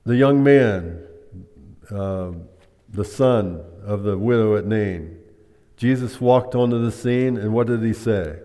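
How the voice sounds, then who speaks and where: A man's voice: fairly low pitch, slow pace, warm tone. A man preaching a sermon, teaching by asking the congregation questions. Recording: long hall reverb.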